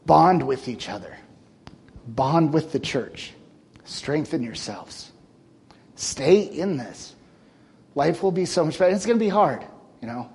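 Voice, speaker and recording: A man's voice: a little high, expressive, measured pace, creaky, pauses often, darkish tone. A man in his thirties giving an earnest, casual talk to a church group, speaking directly to the young men and getting emotional.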